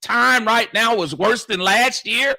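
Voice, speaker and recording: Slow, gravelly man. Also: extremely high pitch, sharp tone, no echo, studio quality. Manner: joking, drawn-out delivery. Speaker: sports podcast co-host. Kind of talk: casual chat.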